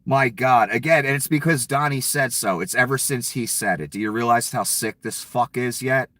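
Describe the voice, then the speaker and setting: A man's voice: mid-range voice, moderate pace, a bit bright, dry recording. A man giving an angry, profane political rant with a sarcastic, heated delivery. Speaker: political commentator.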